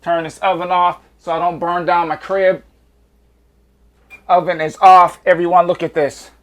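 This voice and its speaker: A man's voice: high-pitched, level tone, moderate pace. A man hosting a home cooking vlog, hyped and slangy, drawing out catchphrases while taste-testing in his kitchen. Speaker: cooking show host.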